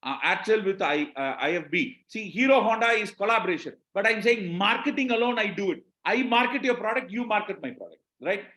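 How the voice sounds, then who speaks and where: A man's voice: high-pitched, lively intonation, a little fast, hardly any pauses, pushed and bright, roomy sound. A man from Tamil Nadu with an Indian English accent, giving a business training talk, repeating points and often checking that the audience is with him. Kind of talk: live webinar talk.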